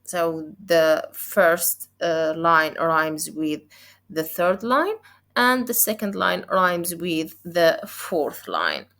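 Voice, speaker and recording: A woman teaching poetry, explaining step by step in a deliberate way and checking in with "okay?". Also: fairly low pitch, animated, a bit bright. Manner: deliberate, counts syllables aloud, frequent "okay?" checks. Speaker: literature teacher. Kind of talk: explaining poem analysis step by step.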